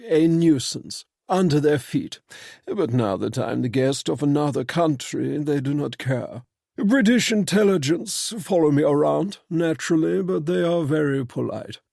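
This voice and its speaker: A man reading an audiobook and voicing a foreign émigré in his sixties, with a slight foreign accent and a halting, light, wry manner. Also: fairly high pitch, expressive, vocal fry, a little mellow, no room sound, studio quality, pitched above the performer's own voice, heavily acted. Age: 60s. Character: older foreign émigré thinker, light and inscrutable.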